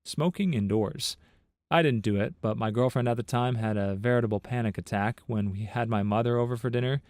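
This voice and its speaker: A man narrating a compilation of internet stories and comments in a steady, even read-aloud manner. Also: medium pitch, brisk, no room sound. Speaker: narrator of online story compilations.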